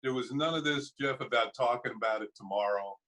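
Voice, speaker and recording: An older man, a former ballplayer, telling relaxed anecdotes with chuckles in an interview. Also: medium pitch, a little fast, low-quality recording. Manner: chuckling anecdotes, acts out quoted voices. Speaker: former ballplayer and broadcaster, guest. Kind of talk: casual storytelling interview.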